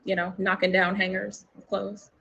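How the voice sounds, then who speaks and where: Husky, gravelly woman telling a story. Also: medium pitch, moderate pace, dull audio. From New York. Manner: animated, acts out quotes in a raised voice, swears freely. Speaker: interview guest. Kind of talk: candid storytelling in an interview.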